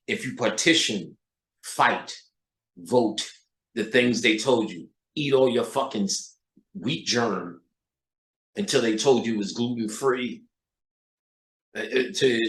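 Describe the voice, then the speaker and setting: A man's voice: mid-range voice, lively intonation, a little slow, fairly bright tone. Emphatic, profane male lecturer. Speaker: occult lecturer. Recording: echoey room.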